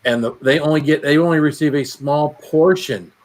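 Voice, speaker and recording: A man's voice: fairly high pitch, moderate pace. A man in a casual group chat, explaining in a matter-of-fact way.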